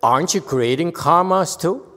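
A man's voice: on the high side, moderate pace, bright, forceful tone, long reverb tail. A man giving a spiritual teaching to a congregation, playful and full of rhetorical questions and repeated phrases. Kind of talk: dharma talk to a congregation.

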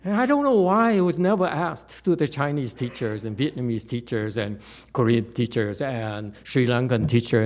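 A man as a Buddhist teacher giving a dharma talk, rhetorical and animated, with many fillers and restarts. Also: on the high side.

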